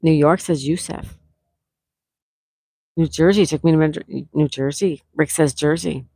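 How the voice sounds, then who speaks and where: A woman's voice: sits low, fairly even intonation, creaky, warm tone, dry recording. A woman hosting a casual trivia livestream, reading out viewers' answers from the chat and stretching out each question. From near Fort Lauderdale, Florida. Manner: chatty, reads out chat names and answers, drawn-out questions. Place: indoors at home during a thunderstorm.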